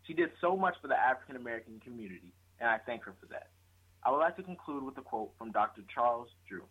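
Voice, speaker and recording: A man reads a prepared tribute aloud, now and then tripping over a word and correcting himself. His husky voice comes through a thin, tinny phone line. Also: mid-range voice, lively intonation, quick pace. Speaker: guest presenter.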